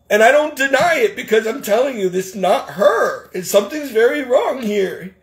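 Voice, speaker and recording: A man in his forties pours out a rambling, exasperated vlog through tears. His voice sits high for a man and has a gravelly, crackly edge, and his talk stays raw and emotional throughout. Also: expressive, normal speed. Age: 40s. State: tearful, crying. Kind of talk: casual vlog monologue.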